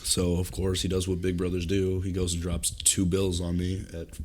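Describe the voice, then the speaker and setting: Young male podcast co-host with a low voice. Animated storyteller who jumps up high to act out his panic. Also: normal speed, slight background noise. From US East Coast. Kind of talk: casual storytelling chat.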